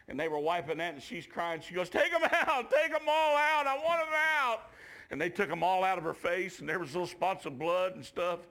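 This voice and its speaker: A man preaching a revival sermon in a church, drawling folksy asides and shouting at the climaxes. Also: a little high, gravelly.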